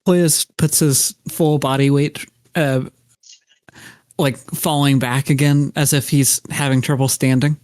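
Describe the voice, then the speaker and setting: A man playing at a tabletop game, describing his character's actions in an unhurried, hesitant way. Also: medium pitch, steady tone, darkish tone, no room sound. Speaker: player. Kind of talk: casual tabletop play.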